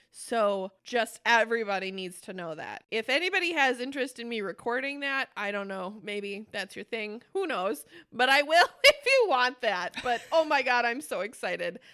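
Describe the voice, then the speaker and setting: A young woman co-hosting a casual podcast chat, excitable and swearing casually. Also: a little high, clean tone. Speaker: podcast co-host.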